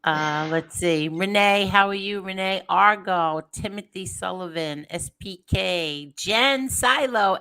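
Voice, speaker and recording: A woman chats as a guest on a live stream, with an unhurried and friendly manner. Her voice is bright and a bit tense. She takes her time greeting viewers by name. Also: mid-range voice. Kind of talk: casual live-stream chat.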